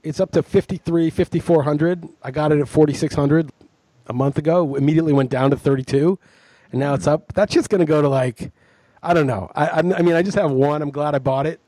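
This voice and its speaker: A podcast co-host in casual chat, this man tells long, meandering stories at his own expense. His voice sits fairly high with a husky, mellow tone. The sound is close and dry, with no room around it. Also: a little fast, no echo. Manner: rambling, self-mocking storyteller.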